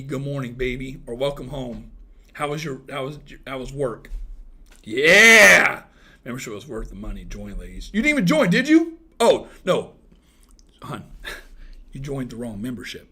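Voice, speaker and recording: A man in his thirties hosting a casual livestream, teasing and joking crudely with his viewers, swinging from loud outbursts to mumbled asides. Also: on the high side, husky. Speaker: livestream host chatting with viewers.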